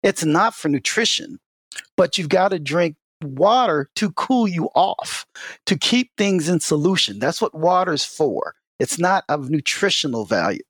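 A man with a fairly high-pitched voice talks as an expert guest, explaining and telling stories with animated energy. He leans on "you know" as he goes. The recording is dry and close, with no room sound. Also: a little slow, husky, no room sound. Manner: animated storyteller, many "you know" fillers; lively, swings in pitch. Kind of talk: casual explanatory interview talk.

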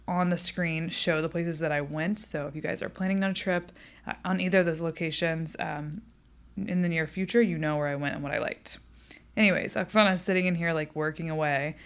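A young woman hosts her own podcast in a casual solo chat. She is chatty and candid, with a fairly low voice for a woman. Her talk is loose and unscripted, peppered with swearing. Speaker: podcast host.

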